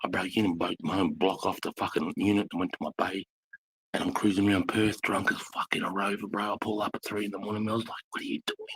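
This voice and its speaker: Deep husky man. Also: little pitch movement, fast, a bit bright, poor audio. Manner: blunt, swears constantly, rambling war stories. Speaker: live stream host, ex-army instructor. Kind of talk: casual live chat, storytelling.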